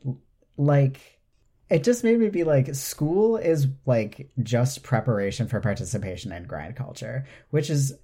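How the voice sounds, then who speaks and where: A podcast co-host talking slowly and unhurriedly in a mellow, dark tone. The talk is casual chat that turns into sarcastic, indignant rants. The pitch sits in a middle register. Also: lively intonation, breathy edge.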